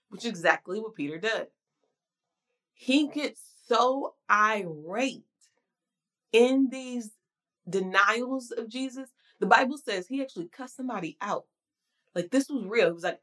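A woman's voice: medium pitch, lively intonation, normal speed, fairly bright tone. A woman preaching a casual devotional sermon in a conversational, slangy and emphatic way.

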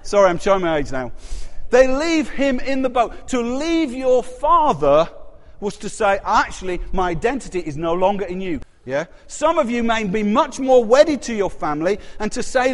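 Casting: male preacher, bright high voice, chatty sermon that quizzes the room, long hall echo. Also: very animated, normal speed. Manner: conversational, asks the congregation questions.

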